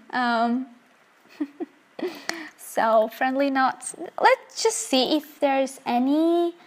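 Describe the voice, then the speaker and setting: A young woman with a Portuguese accent, a native Portuguese speaker, chatting giggly and excitable while commenting on her gameplay. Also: sits high. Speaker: gaming let's-play host.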